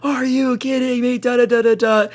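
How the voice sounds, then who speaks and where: Shrill furious old lady neighbor, put on by a man, high and yelling in a storytime retelling. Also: flat delivery, normal speed. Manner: yelling, repeating herself.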